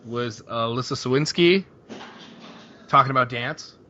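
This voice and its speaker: A man's voice: medium pitch, measured pace, sharp tone. A man co-hosting a casual podcast, wisecracking and laughing often. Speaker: podcast co-host. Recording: dull sound with faint hiss.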